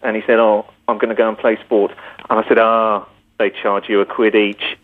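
A man's voice: lowish voice, flat delivery, normal speed. A man from the UK, a police officer, calling in to a radio show and playing along with mock indignation. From United Kingdom. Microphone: telephone. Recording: tinny phone line.

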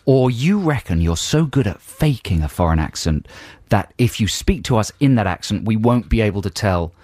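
A man co-hosting a radio show, explaining things in a wry, deadpan way. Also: on the low side, moderate pace, no echo. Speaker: radio host. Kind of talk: casual radio chat. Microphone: studio mic.

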